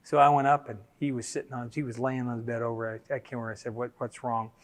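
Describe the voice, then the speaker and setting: A man's voice: medium pitch, quick pace. Middle-aged guy preaching, tells stories and does little voices, big hall echo. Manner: personal stories, animated quoted voices. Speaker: speaker. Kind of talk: sermon-style teaching talk. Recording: long hall reverb.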